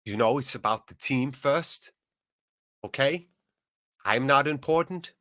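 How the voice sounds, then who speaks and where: A man doing a rough impression of a calm Danish male football manager, speaking in a measured way with a put-on Danish accent. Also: mid-range voice, dry recording, clean studio sound. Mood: calm, earnest. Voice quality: measured, repeating "okay?".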